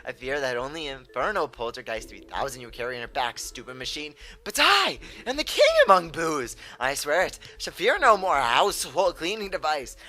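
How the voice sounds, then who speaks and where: A man's voice: fairly high pitch, very animated, moderate pace, hardly any pauses, bright, forceful tone. A man reading out a gloating, theatrical ghost king villain in a hammy, mocking voice. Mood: boastful.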